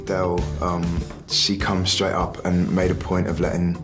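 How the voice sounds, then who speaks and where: A man's voice: sits low, monotone, unhurried, loud music behind the voice. A man recalling events in an interview in an easygoing, matter-of-fact way. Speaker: interviewee, pop singer. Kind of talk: interview recollection.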